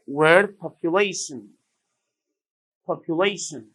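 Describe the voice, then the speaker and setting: A man teaches English vocabulary in a slow, measured classroom style. His voice sits a little high for a man, and he says each word again and again with care. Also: a bit bright, low-quality recording. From Sudan. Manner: repeats each word slowly and deliberately.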